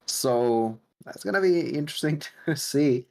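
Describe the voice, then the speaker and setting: A man co-casting esports who speaks haltingly with frequent fillers and laughs easily. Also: on the high side, animated, vocal fry, darkish tone. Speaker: esports co-caster. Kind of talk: esports commentary. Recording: faint music behind the voice.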